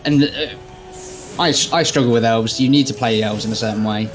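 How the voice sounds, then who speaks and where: A man's voice: fairly low pitch, fairly quick, music in the background. A man casually commentating on a video game match, explaining tactics at length.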